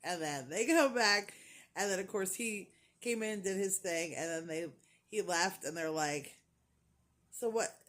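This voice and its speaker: This is a woman chatting straight to her camera at home. Her voice sits a little low, and she tells her story loosely, laughing along the way and putting on voices for the people she quotes. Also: a little slow, a bit bright. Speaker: crochet vlogger. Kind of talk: casual chat.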